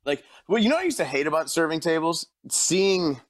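Man, podcast co-host, lively swinging voice, slightly high, loose and casual. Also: brisk. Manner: animated storyteller, laughs a lot.

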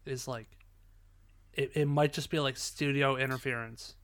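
A man co-hosting a podcast, chatting casually about a movie in halting bursts that repeat words at the start of sentences. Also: mid-range voice, steady tone, fairly bright tone. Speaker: podcast co-host. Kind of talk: casual movie review chat.

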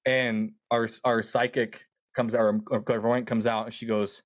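A man casually telling a long story, animated and quoting himself often with words like "dude". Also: medium pitch, unhurried, hardly any pauses, no room sound. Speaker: podcast guest.

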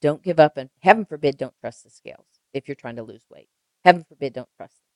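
A woman's voice: sits low, fast, dry recording, low-quality recording. Emphatic older woman nurse. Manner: emphatic, animated storyteller with repeated phrases. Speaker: registered nurse guest. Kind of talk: conversational interview.

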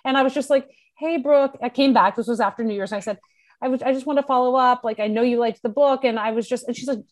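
A middle-aged woman chatting as a podcast guest, telling a lively story and acting out quoted lines, with casual swearing. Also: on the high side, quick pace. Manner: animated, acts out quoted dialogue, swears casually.

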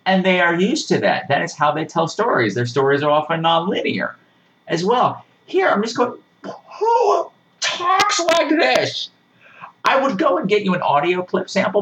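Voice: medium pitch, lively intonation, fairly quick, a bit bright, a little hiss or hum, rough recording. A podcast host giving a sarcastic, exasperated rant while reviewing a horror movie, swearing freely. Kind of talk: casual ranting movie review.

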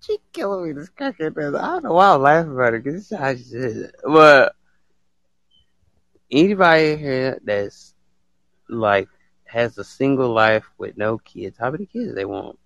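Gravelly, lively man hosting a live stream. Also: medium pitch, moderate pace, no room sound, dull audio. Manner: laughs a lot, excitable, slangy. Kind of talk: casual live stream chat.

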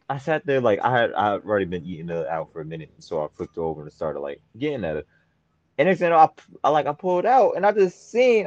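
A young man with a lowish voice tells a bragging story in casual chat, breaking into loud exclaiming. The sound is dry and a bit dull. He talks like a podcast co-host trading stories. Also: very animated, fast, no echo.

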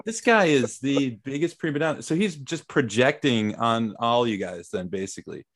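A man's voice: mid-range voice, normal speed, noisy background. A man reacting to a story in casual podcast chat, with wry remarks.

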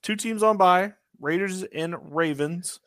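A man's voice: sits high, a little slow, a bit bright, no echo, clean studio sound. A man co-hosting a podcast in a casual, easygoing way, steering the talk along. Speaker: podcast co-host.

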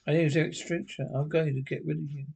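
A man's voice: on the high side, level tone, quick pace, vocal fry, a little mellow, slightly rough. An actor playing a jealous, short-tempered stepfather in a 1960s television drama, talking with sarcastic bite. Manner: sarcastic and cutting.

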